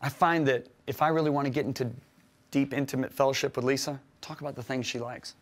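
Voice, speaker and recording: A middle-aged man teaching a sermon, who swings from loud emphatic preaching to soft, quiet confession and acts out his own quoted words. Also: medium pitch, steady tone, fast.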